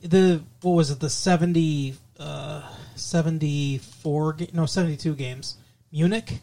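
A man's voice: on the high side, fairly even intonation, measured pace, vocal fry, warm tone. A male podcast co-host chatting casually about the news, rambling with many fillers and restarts, and cracking sardonic jokes.

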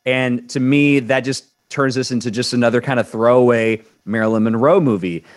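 On an entertainment news show, a co-host of Cuban descent bluntly and emphatically shares his view, often repeating words as he develops it. His mid-range voice holds fairly even intonation at a normal speed.

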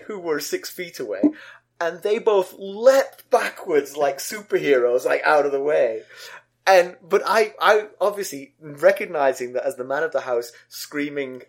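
A middle-aged man co-hosting a podcast, telling a funny story with lots of laughter and sudden high yelps. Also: expressive, measured pace, slightly rough. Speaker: podcast co-host. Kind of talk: casual chat and animated storytelling.

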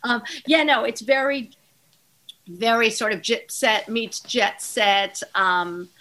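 A woman's voice: a little high, takes it slowly, bright, forceful tone. A middle-aged woman chatting as a podcast guest, rambling with lots of fillers and restarts. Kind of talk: casual chat.

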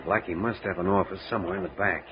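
An actor as a deep-voiced, commanding adventurer captain. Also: male voice, fast talker, close to an everyday voice. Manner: steady, commanding. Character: calm bearded male adventurer captain, in charge. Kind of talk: 1940s radio acting. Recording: dull old radio recording, faint hiss.

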